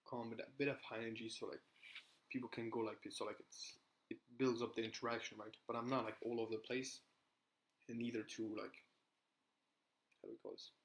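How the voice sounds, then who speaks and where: A man's voice: medium pitch, little pitch movement, a little fast, pauses often, low-quality recording. A young man coaching on sales in a casual, rambling way, tagging points with "right?" and restarting his sentences. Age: young adult. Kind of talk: casual talking-head advice.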